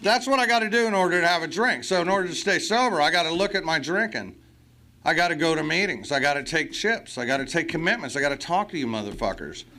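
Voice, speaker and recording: A man's voice: fairly high pitch, expressive, fast talker, bright, forceful tone. A man speaking at a recovery meeting, blunt and profane, with self-mocking humor. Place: meeting hall.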